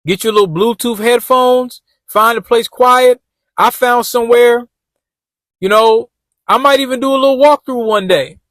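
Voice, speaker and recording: A high-pitched man talks casually from his car, looping back over his points in easygoing street slang. The sound is dry and close, with no room echo. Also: moderate pace, fairly bright tone. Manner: loose, repetitive street slang, addresses viewers as y'all. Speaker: vlogger giving job-interview tips. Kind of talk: casual talk while driving.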